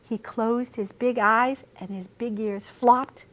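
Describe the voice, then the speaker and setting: A woman reading a picture book aloud at storytime, expressive and sing-song through the rhymes. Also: fairly high pitch, slow. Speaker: storytime reader.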